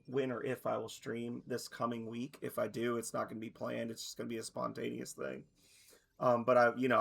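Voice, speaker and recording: A man in his thirties chatting casually on a stream, rambling and correcting himself, his voice a little hoarse. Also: mid-range voice. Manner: rambling, loose, self-correcting. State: slightly hoarse.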